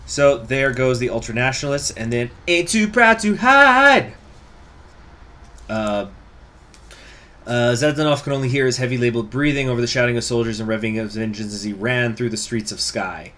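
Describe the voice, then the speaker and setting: A man plays through a strategy game, reading its event text aloud in a mid-pitched voice. He breaks off into casual, joking asides between passages. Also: fairly even intonation, quick pace, few pauses. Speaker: let's play host.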